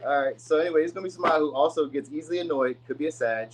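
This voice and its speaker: A man's voice: a little high, very fast, background noise. Chatty, rambling man reading tarot. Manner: loose, rambling, chatty delivery with many asides; acts out quoted people in voices. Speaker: tarot reader. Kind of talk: casual tarot reading to camera.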